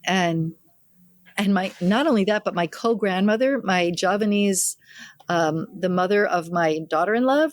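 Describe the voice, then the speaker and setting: Unhurried and mid-range in voice, an older woman who is a midwife shares anecdotal family stories in an interview, acting out the family members she quotes as a lively storyteller. The studio-quality recording carries no echo.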